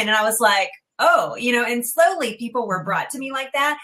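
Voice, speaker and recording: A woman with a slightly raised pitch talks openly and cheerfully about her own experience. She tells stories in a frank, chatty way on a casual panel show. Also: expressive, moderate pace, sharp tone. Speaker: breast cancer survivor guest.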